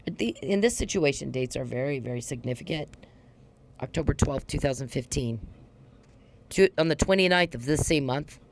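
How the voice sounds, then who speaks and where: Low-pitched and animated, a female podcast host speaks at a moderate pace over slight background noise. Her casual monologue is blunt, heated and profane, and she repeats points for emphasis.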